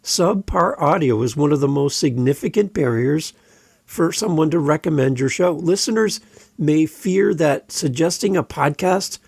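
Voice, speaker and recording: A man on a podcast coaches listeners on running their shows. His voice sits a little high with a gravelly edge, and he drives each point home with emphatic repetition. He is recorded close on a dry mic. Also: unhurried, a little mellow, dry recording. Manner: direct and emphatic, repeats key points. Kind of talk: podcast advice talk. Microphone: close studio microphone.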